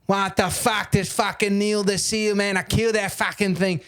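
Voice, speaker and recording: A man voicing an angry, rough male construction worker with a put-on Australian accent, cursing through a profane rant. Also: high voice, little pitch movement, normal speed, a bit bright, voice pushed up. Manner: profane ranting.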